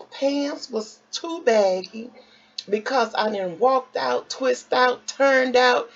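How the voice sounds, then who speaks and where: A woman's voice: fairly high pitch, gravelly, breathy edge. A woman vlogger telling a story casually and expressively, acting out what people said. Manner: animated, expressive, acts out quotes. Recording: dull lo-fi with faint noise.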